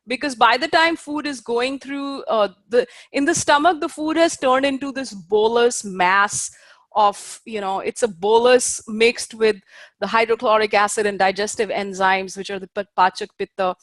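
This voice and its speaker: In a dry recording, a woman whose voice is a little high and fairly bright lectures at a moderate pace. She's an Ayurveda teacher who explains patiently with fillers, checks comprehension, and minds her Sanskrit pronunciation.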